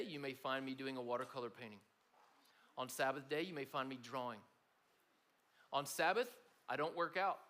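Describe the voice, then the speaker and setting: A man's voice: medium pitch, a bit bright. A man giving a conversational sermon to a room of students, talking to them directly. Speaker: speaker at a student gathering.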